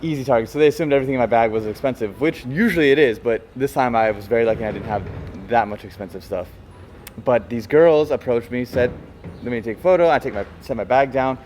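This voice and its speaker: Man retelling a story, animated and halting. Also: mid-range voice, a little hiss or hum. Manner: animated, stumbling retelling with fillers. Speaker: guest, photographer. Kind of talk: casual storytelling.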